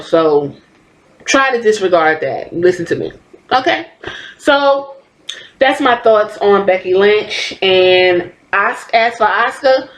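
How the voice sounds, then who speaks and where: A woman in her thirties talks casually and bluntly, swearing freely as she gives her opinions. Her voice sits at an ordinary middle pitch. The recording is roomy, with faint ambience behind her. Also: slight background noise. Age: 30s. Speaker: podcast host. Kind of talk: casual wrestling commentary. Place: home.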